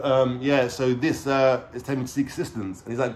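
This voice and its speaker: A man's voice: mid-range voice, flat delivery, brisk. London man telling a street story. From England. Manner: street slang, swearing, frequent "you know what I'm saying". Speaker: vlogger. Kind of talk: casual storytelling.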